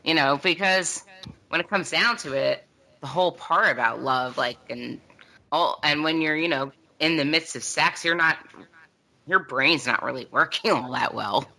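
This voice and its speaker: A woman's voice: low-pitched, normal speed, sharp tone. A woman guest in a round-table discussion, talking frankly and joking, laughing often. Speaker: podcast guest.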